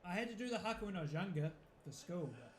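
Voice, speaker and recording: Kiwi guy streaming a footy watch-along, high-ish voice, swears a lot, echoey room w faint hum. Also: lively intonation, fast talker. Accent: New Zealand. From New Zealand. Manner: casual, sweary, rambling banter. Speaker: football fan streamer. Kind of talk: live watch-along chat.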